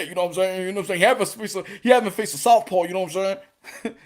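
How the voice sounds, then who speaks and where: A man giving a casual, profane monologue as a boxing commentator, animated and laughing often, acting out voices. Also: high-pitched, very fast.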